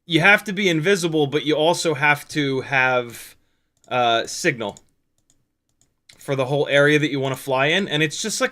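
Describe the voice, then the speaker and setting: A man hosting a casual live stream, joking around, animated and swearing freely. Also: medium pitch. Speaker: livestream host.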